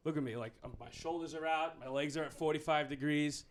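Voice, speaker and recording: A man's voice: fairly high pitch, expressive, a little fast, hardly any pauses. A man doing a stand-up comedy set, rambling, profane and self-mocking.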